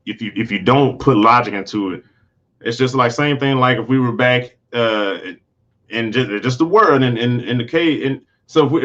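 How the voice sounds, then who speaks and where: A man's voice: medium pitch, fairly bright tone, dull audio. A man hosting his own channel, talking earnestly in a casual livestream, rambling and restarting his sentences often. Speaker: channel host.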